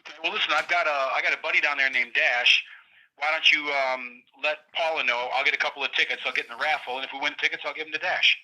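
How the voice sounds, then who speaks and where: A middle-aged man calling in as a guest, telling a long story in a rambling, animated way and acting out what others said. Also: on the high side, quick pace. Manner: rambling, animated retelling with quoted voices. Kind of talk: casual storytelling interview. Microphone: phone line. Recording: tinny prison phone line.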